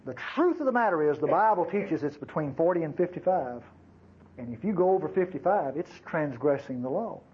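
Folksy preacher, high lively voice. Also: male voice, brisk, breathy edge, lo-fi sound. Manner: folksy, conversational preaching with asides to the congregation. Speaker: pastor. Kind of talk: sermon.

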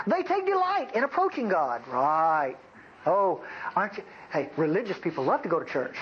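A man's voice: high-pitched, expressive, fairly quick, slightly rough. A man preaching a folksy, bantering sermon to his congregation, in a dull lo-fi recording. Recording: dull lo-fi recording, faint noise.

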